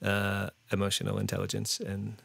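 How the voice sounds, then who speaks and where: A man talking as a podcast guest in a relaxed, rambling way, full of fillers and restarts. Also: fairly low pitch, moderate pace, gravelly, breathy edge, dry recording. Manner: rambling, hesitant, many fillers and restarts, laughs often. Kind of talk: casual interview chat.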